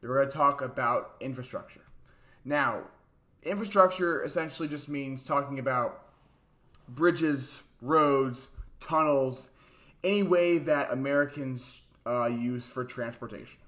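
A young man co-hosting a casual political chat, chatty and quick to laugh, with mocking asides. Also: medium pitch, fairly bright tone. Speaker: podcast co-host.

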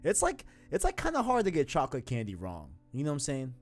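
A man's voice: on the high side, huge pitch swings, quick pace, soft background music. A man in his twenties with a New York accent, hosting a podcast in a rambling, slangy, casual way. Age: 20s. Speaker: podcast host. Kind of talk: casual chat.

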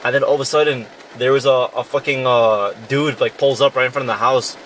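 A man's voice: mid-range voice, fairly even intonation, brisk, fairly bright tone, a little hiss or hum. A young man hosting a podcast from inside a car in the rain, telling a long, rambling, profane story in a casual chat. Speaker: podcast host.

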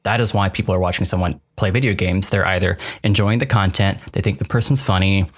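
A man's voice: low-pitched, fast. A young man co-hosting a podcast in casual chat, laughing often and rambling with restarts. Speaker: podcast co-host.

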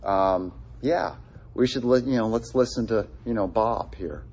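Low-voiced guy giving a sermon, lots of ums and restarts. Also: measured pace, darkish tone. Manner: conversational, many "um"s and restarts; quotes scripture with feeling. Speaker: pastor.

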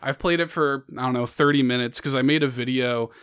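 A man's voice: medium pitch, brisk, smooth. A man, co-hosting a casual gaming podcast and telling stories with lots of laughs. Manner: animated storyteller, laughs often. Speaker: podcast co-host. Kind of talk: casual chat.

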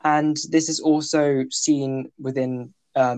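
A man's voice: medium pitch, level tone, moderate pace, hardly any pauses, darkish tone. Casual young man discussing ethics. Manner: casual, joking, with fillers.

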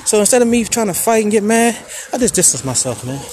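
A man in his forties from Maryland hosting a podcast, talking candidly and emotionally in slangy speech, swinging from quiet to heated. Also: high voice, big pitch swings, quick pace, a little hiss or hum. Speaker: podcast host. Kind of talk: personal monologue.

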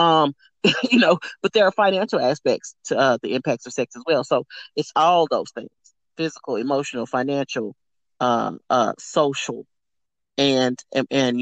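On a candid podcast, a female guest who works as a sex educator talks bluntly, swears casually, and dramatizes the things people said with emphasis. She has a deep voice, captured on a rough recording without room sound.

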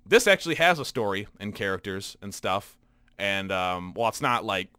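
Podcast guy, bright punchy voice, swears a ton, acts out his reactions, dry sound. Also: on the low side, smooth, dry recording. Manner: animated, profane storytelling with acted-out reactions. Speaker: podcast co-host. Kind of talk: casual chat.

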